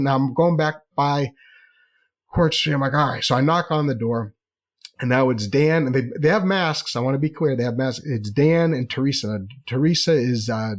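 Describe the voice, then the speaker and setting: A man telling a personal story in a chatty, animated way, repeating phrases for effect. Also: mid-range voice.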